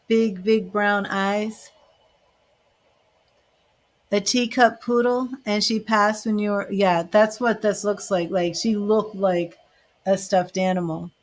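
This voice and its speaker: A woman giving live psychic medium readings, chatty and emotional, with many fillers. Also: medium pitch. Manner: emotional, gushing, tearful at times. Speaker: tarot reader and psychic medium.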